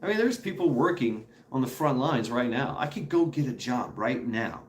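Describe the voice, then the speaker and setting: A man's voice: mid-range voice, sing-song, moderate pace, echoey room. A man hosting a stream, talking casually with viewers in a rambling, profane way and laughing often. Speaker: streamer host.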